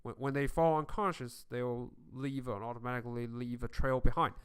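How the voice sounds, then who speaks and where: A man running a tabletop game as game master, talking in a halting way with many fillers and restarts. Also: mid-range voice, fairly even intonation, smooth.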